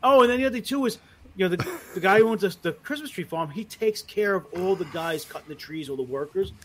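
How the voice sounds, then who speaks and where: A man co-hosting a podcast, telling animated, profane stories in casual chat. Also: sits high, quick pace, slight background noise. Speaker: podcast co-host.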